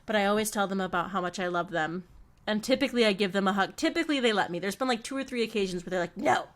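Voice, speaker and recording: A woman's voice: mid-range voice, lively intonation, racing, fairly bright tone. A woman co-hosting a casual podcast. She works as a nanny and behavior technician, and she tells her stories in a loose, rambling way full of "like" fillers. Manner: rambling storytelling, lots of "like" fillers. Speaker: podcast co-host.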